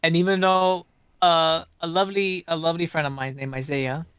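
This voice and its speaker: A man's voice: a little high, little pitch movement, normal speed, fairly bright tone, smooth, dry recording, clean studio sound. A man who is a guest streamer on a podcast, chatting casually and repeating phrases as he rambles. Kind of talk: casual chat.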